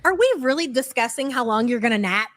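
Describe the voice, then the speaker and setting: A woman's voice: on the high side, animated, quick pace, a bit bright. A woman hosting a live reaction stream, talking bluntly and mockingly with plenty of profanity. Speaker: commentary channel host.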